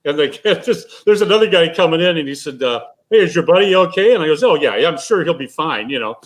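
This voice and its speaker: A man's voice: a little high, animated, a little fast, poor audio. Older man telling rambling stories. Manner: rambling anecdotes with restarts and laughs. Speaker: guest, retired pro bowler. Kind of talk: casual storytelling.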